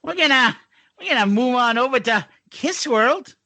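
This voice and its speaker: A man's voice: extremely high pitch, normal speed, no echo. A man co-hosting a podcast, joking crudely and swearing in casual banter. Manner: profane, jokey, animated. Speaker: podcast co-host.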